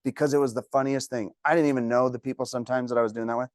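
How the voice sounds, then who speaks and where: A man's voice: medium pitch, steady tone, very fast, no echo, clean studio sound. A man teaching a real estate class, telling joking stories to the room. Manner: jokey, storytelling. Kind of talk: classroom talk.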